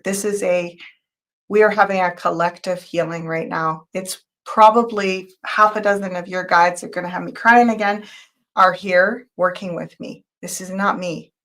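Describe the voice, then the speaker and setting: A woman hosting a live tarot reading show, talking to viewers in an emotional, intense, spiritual way. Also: lowish voice. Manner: spiritual, guiding talk with quick changes of loudness. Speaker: tarot reader and show host.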